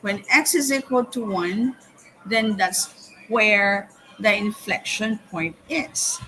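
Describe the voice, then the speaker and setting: A woman teaching calculus step by step in a live lesson, often pausing with "okay" and "hang on". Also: mid-range voice, sharp tone, slight background noise, low-quality recording. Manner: slow, step-by-step explaining with frequent "okay" and "hang on". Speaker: math teacher.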